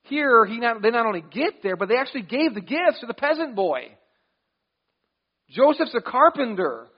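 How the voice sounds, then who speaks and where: A man with a notably high voice preaches a sermon as pastor. He talks conversationally, restarting phrases and slipping into quoted asides. The sound is dull and lo-fi. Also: sing-song, normal speed, slightly rough.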